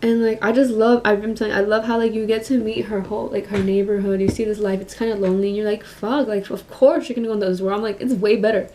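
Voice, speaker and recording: Young woman, soft-spoken, mumbly, casual makeup vlog chat, mid pitch. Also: fairly even intonation, fast talker, few pauses, a little hiss or hum. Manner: soft-spoken and mumbly, chatty with many fillers. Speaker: makeup vlogger.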